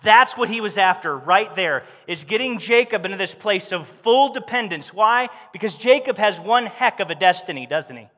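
A man preaching a sermon as pastor, talking to the congregation in a conversational, animated way. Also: sits high, normal speed, few pauses. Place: church hall. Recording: long hall reverb.

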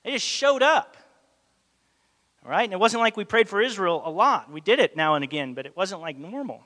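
He talks fast, his voice sitting high, as he preaches a sermon under long hall reverb. The story he tells is animated, with the dialogue dramatized in his own delivery.

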